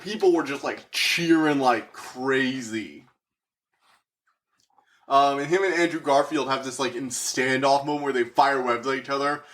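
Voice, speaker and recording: Excitable man reviewing a movie. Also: on the high side. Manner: excitable, acts out quoted characters, swears. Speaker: podcast reviewer.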